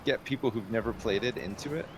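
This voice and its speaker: A man's voice: on the low side, fast talker, a little hiss or hum. A man chatting casually about games with a friend, hesitant, with restarts. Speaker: co-streamer. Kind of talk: casual gaming chat.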